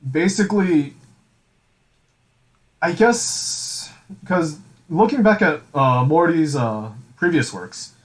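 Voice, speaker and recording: A man's voice: fairly high pitch, animated, slow, long pauses, low-quality recording. A man co-hosting a podcast, rambling through a casual chat with many fillers and restarts. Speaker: podcast co-host.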